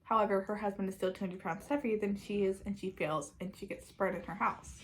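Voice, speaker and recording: A woman chatting casually as a book reviewer, summarising a plot with frequent "like" and quick restarts. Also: mid-range voice, steady tone, a little hiss or hum, low-quality recording.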